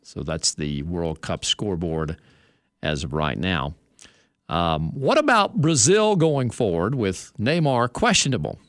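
A man's voice: low-pitched, very animated, measured pace, no room sound, clean studio sound. A man hosting a sports radio show, reading news items and chatting with asides.

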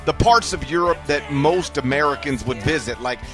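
A man hosting a sports talk radio show, animated and teasing, running through the rundown and arguing playfully. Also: a little high, moderate pace, over music. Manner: animated, teasing, mock-outraged.

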